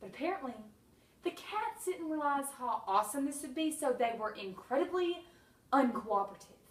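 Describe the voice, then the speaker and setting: High-voiced woman reading a comic memoir. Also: animated, moderate pace, echoey room, far from the mic, poor audio. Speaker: author reading her own story. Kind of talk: humorous memoir narration.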